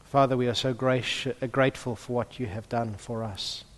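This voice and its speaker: A man in the role of pastor, praying softly and then preaching with emphasis. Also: medium pitch, normal speed. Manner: hushed in prayer, then lively and emphatic preaching. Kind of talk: prayer and sermon. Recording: long reverb of a large hall.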